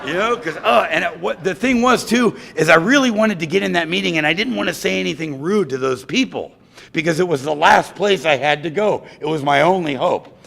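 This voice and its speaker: An American man sharing his recovery story at a meeting, animated and acting out other people's voices. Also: a little high, a little fast, gravelly, slight background noise.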